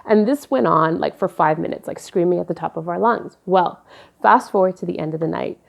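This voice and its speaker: A woman in her forties speaking candidly to camera, telling personal stories and reflecting slowly and deliberately. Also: on the low side, vocal fry. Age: 40s. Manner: candid, storytelling, turns slow and deliberate when reflective. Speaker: vlogger.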